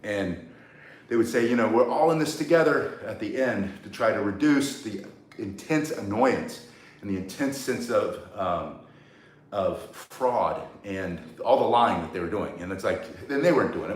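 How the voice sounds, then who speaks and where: A man's voice: low-pitched, normal speed. Older man, self-defense instructor, joking asides, outdoors, distant mic, echoey. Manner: blunt, rambling, joking asides. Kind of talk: live outdoor workout lesson. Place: outdoors in the sun. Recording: roomy echo, mic set at a distance.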